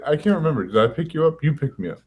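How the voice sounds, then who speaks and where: A man's voice: on the high side, lively intonation, rapid-fire, darkish tone. A man, a podcast guest, chatting casually, filling in details and laughing along. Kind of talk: casual chat.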